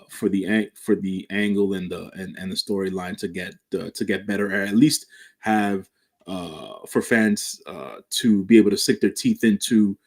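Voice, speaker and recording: A man co-hosting a wrestling podcast, speaking in a measured way that is full of fillers and restarts. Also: on the low side. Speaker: podcast co-host. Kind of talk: casual wrestling podcast chat.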